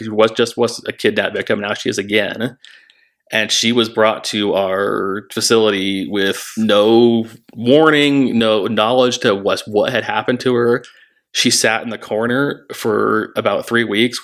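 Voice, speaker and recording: A man who worked at a treatment center tells a story candidly, in a halting, reflective way with many restarts. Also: fairly low pitch, a bit bright. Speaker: former treatment center staff member.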